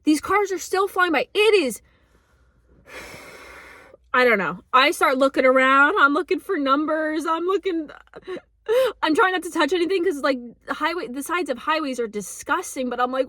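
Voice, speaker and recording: A woman's voice: high-pitched, normal speed, bright, forceful tone, no room sound, clean studio sound. A young woman telling a personal story in a casual, emotional way, with lots of fillers, swearing and nervous laughs. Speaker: vlogger.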